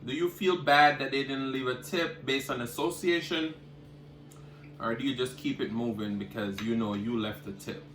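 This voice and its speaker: A man with a mid-range voice speaks at a normal speed during a casual mukbang, eating and chatting directly to viewers with loud, savoring hums in between. This cooking vlogger's audio has a roomy sound and a little hiss or hum.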